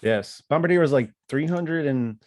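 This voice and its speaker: A man's voice: on the high side, expressive, normal speed, darkish tone, no echo. Easygoing man in podcast chat. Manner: easygoing, agreeable, laughs often. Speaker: podcast co-host.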